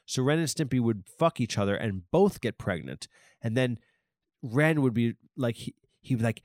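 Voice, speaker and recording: A man hosting a podcast in a rambling, profane comedic monologue, talking excitably into a close mic. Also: medium pitch, moderate pace, no room sound. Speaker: podcast host.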